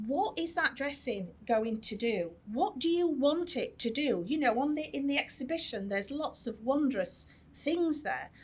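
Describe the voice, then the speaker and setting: A woman's voice: on the high side, a little mellow, breathy edge. A woman who is a nurse specialist giving a chatty conference talk, with many fillers and restarts. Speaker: tissue viability nurse specialist. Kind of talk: conference presentation. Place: conference hall.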